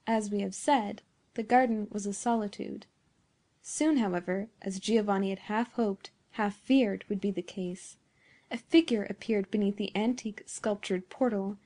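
A woman reading a classic story aloud in a measured, formal narration. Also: on the high side, warm tone. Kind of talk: scripted narration.

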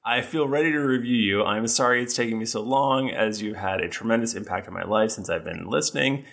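Man, lowish bright voice, podcast co-host reading reviews with jokey emphasis. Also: fairly quick, gravelly. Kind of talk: casual chat, reading listener reviews aloud.

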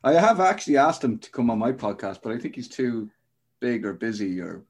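A man's voice: medium pitch, sing-song, fairly quick. An Irish man hosting a podcast, talking hesitantly with many restarts. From Ireland. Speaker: podcast host. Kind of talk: casual podcast chat.

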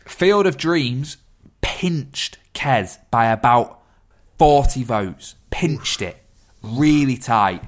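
A man's voice: mid-range voice, expressive, drawn-out words. A man, co-hosting a film podcast in casual chat and announcing results. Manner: upbeat, announcing. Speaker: podcast co-host.

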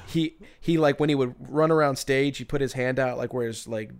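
A man's voice: medium pitch, brisk, clear, resonant tone. Rambling, laughing male podcast storyteller. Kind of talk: casual chat.

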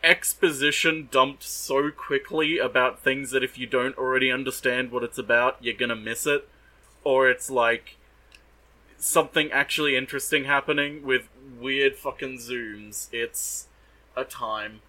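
Podcast co-host, man, bright tone, dry mocking recap style. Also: medium pitch, steady tone, unhurried, rough recording. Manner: sardonic, swears, mock-voices characters. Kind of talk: casual recap chat.

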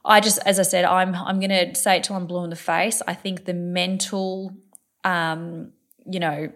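A woman's voice: fairly low pitch, flat delivery, moderate pace, a bit bright. An Australian woman in her thirties, chatting on a podcast, emphatic and stacking points into repeated lists. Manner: emphatic, builds repetitive lists. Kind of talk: casual podcast chat.

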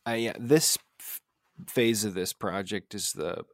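A man's voice: fairly low pitch, unhurried, no room sound, studio quality. A man co-hosting a podcast, talking in an easygoing, earnest way, often saying "dude" and "you know". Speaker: podcast co-host. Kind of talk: casual chat.

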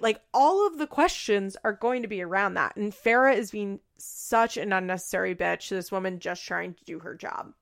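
A woman's voice: medium pitch, expressive, normal speed, vocal fry, hardly any pauses. A woman casually recapping a reality show, gossipy and profane. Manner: gossipy, profane, laughs often.

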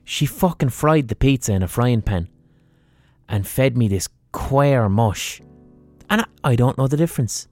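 A man's voice: mid-range voice, a little slow, soft background music. Sweary Irish man telling comic stories. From Ireland. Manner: animated, sweary, impersonates his mother. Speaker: podcast host. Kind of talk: comic storytelling monologue.

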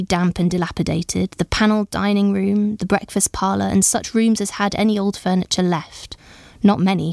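A woman with a fairly low voice reads a story aloud at a measured pace. The sound is close and dry with no room around it. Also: gravelly, a little mellow, dry recording. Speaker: audiobook narrator. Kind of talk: scripted story narration.

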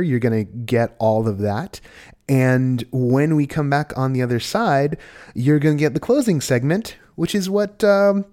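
A man hosting a podcast, talking in an animated, rambling way with many restarts. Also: medium pitch. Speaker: podcast host.

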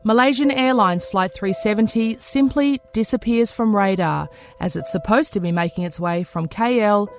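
A woman hosting a podcast, reading a measured scripted introduction. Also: medium pitch, faint music behind. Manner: measured, storytelling. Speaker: podcast host. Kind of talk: scripted narration.

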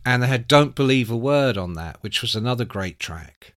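A man, telling anecdotes as a guest, animated and swearing freely. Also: mid-range voice, moderate pace, dry recording, clean studio sound. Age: 60s. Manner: animated, acts out quoted voices, swears freely. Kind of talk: casual storytelling.

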